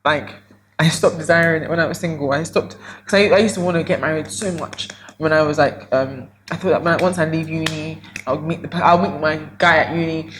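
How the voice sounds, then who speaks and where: A young woman with a lowish voice speaks earnestly and reflectively as a podcast co-host. A faint hiss of background noise sits under her voice. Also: steady tone, brisk, poor audio. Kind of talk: casual couple chat.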